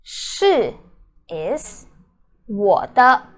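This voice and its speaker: A young woman teaches Mandarin to beginners in an unhurried, patient way, saying each word several times. Her voice sits a little high and she speaks very slowly. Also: sing-song. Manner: patient, repeats words slowly and explains them. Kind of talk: slow beginner language lesson.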